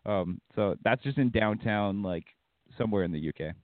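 A man's voice: on the low side, normal speed, no echo. A man co-hosting a casual podcast from Canada, joking and swearing, laughing as he reads out headlines. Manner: profane, joking, laughs while reading. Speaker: podcast co-host. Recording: phone-like dry sound.

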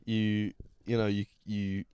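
A man's voice: lowish voice, little pitch movement, takes it slowly, dark tone, clear, resonant tone, dry recording. A man hosting a casual chat, telling a story with many restarts. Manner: rambling, restarts often. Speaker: podcast host.

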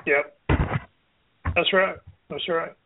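A man from coastal Georgia on a casual radio chat, explaining in a steady, matter-of-fact way. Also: on the high side, takes it slowly, creaky, a little hiss or hum. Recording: tinny phone line.

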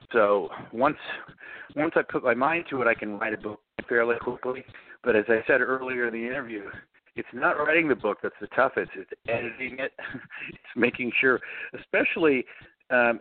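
A middle-aged man, a guest author, answering interview questions with lively storytelling and acting out the voices he quotes. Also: mid-range voice, normal speed, no room sound. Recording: dry, tinny phone line.

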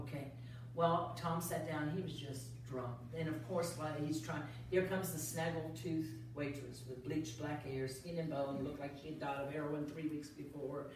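A woman evangelist tells a testimony with energy and humor, dropping to a hush and then rising loud. Her voice sits low. It sounds from far off the mic in a very echoey room with faint noise behind. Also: steady tone, normal speed, hardly any pauses. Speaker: evangelist guest. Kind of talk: storytelling testimony.

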